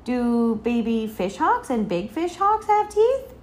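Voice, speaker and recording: A bright, sing-song little girl with a loose tooth, as a woman puts her on while reading a storybook. She pipes up high and chirpy, pushing her voice well above a grown-up register, and asks question after question with wide-eyed eagerness. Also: big pitch swings, takes it slowly, a little hiss or hum. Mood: curious.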